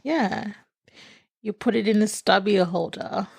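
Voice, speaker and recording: A woman's voice: mid-range voice, measured pace, creaky, husky, no echo, clean studio sound. An Australian woman co-hosting a podcast, chatting in a laid-back, cheeky way. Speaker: podcast co-host. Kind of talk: casual podcast banter.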